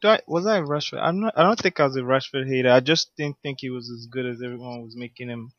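A man's voice: mid-range voice, fast, dry recording. A man co-hosting a casual podcast, speaking hesitantly with frequent stammers and "um"s. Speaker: podcast co-host. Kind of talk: casual chat. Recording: slightly dull lo-fi sound.

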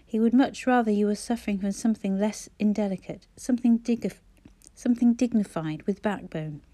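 A woman's voice: mid-range voice, fairly quick, warm tone, close to an everyday voice. A woman voicing a polite, considerate young man in a storybook. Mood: earnest. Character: kind, helpful young man, earnest.

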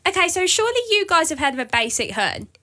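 A playful young woman laying out her own theories on a chatty podcast. Her voice is high and bright with a sharp edge. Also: very animated, fast talker. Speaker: podcast co-host. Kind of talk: casual chat.

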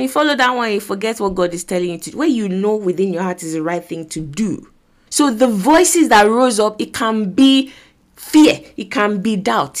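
A woman with a Nigerian accent preaching an earnest sermon, exhorting listeners and acting out voices from scripture. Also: fairly high pitch. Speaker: preacher and podcast host.

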